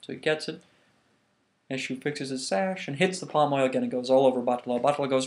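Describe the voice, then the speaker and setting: A man casually telling a myth to the camera, animated, with frequent restarts. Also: mid-range voice, fast. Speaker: vlogger. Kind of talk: casual storytelling.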